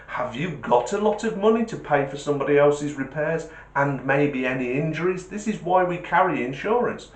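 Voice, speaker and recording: A man's voice: a little high, animated, normal speed, few pauses. A man hosting a vlog, talking casually and homely, telling a joke. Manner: chatty, homely, repeats sign-off requests. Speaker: vlogger. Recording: roomy echo.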